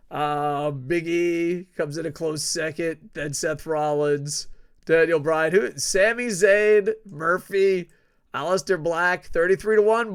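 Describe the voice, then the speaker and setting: Young guy doing wrestling news, rants and swears a lot, laughs a bunch, slightly high voice. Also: creaky, clear, resonant tone. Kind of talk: casual commentary reading headlines.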